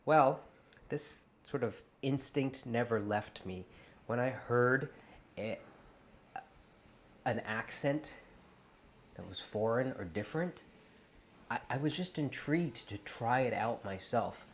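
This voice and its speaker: Canadian man, late 30s, host talking to camera, animated and playful, mid-pitched voice. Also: slow, long pauses, a little hiss or hum. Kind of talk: casual talk to camera.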